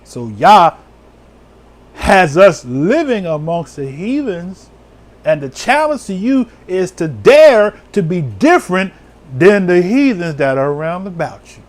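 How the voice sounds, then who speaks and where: Emotional preacher man, high and lively. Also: slow pace. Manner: emotional, exclaiming, swinging between loud and hushed. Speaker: elder preacher. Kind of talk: sermon.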